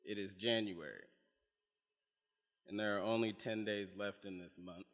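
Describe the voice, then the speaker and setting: A man reading spoken word poetry at a live event, with a pointed, measured delivery of long lines. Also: on the low side, fairly even intonation, fairly bright tone. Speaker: poet. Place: live reading in a museum venue. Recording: long reverb of a large hall.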